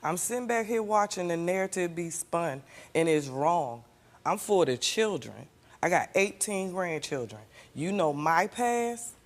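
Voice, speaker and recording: A woman's voice: on the low side, expressive, a little slow. An older woman, a grandmother on a talk show, defending herself and cutting in with repeated protests. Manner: defensive, interrupting with repeated "hold on". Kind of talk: defensive argument.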